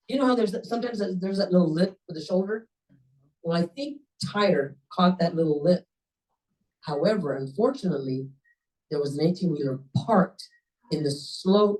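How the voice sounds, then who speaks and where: Mellow-voiced woman telling a personal story. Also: normal speed. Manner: animated, conversational, jumps up in pitch for emphasis. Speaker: club member telling her story. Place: club meeting room. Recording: voice a bit distant from the mic.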